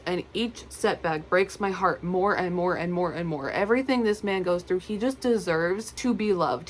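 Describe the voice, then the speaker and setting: A woman's voice: mid-range voice, a little hiss or hum, low-quality recording. A young woman vlogging about her favourite books, gushing and repeating herself as she talks straight into her phone camera. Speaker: book vlogger. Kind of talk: casual enthusiastic book talk.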